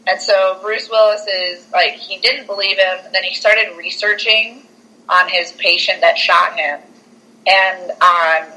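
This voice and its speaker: A young woman, a podcast co-host with a mid-range voice, goes through a film's plot a bit slowly but with animated, casual energy. She uses "like" heavily and performs the quotes, and the recording quality is low.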